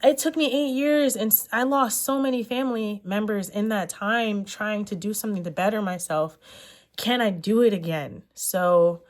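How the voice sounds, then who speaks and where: A woman's voice: mid-range voice, steady tone, normal speed. A young adult woman talking in a sit-down vlog chat, earnest and rambling, often correcting herself with fillers. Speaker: vlogger.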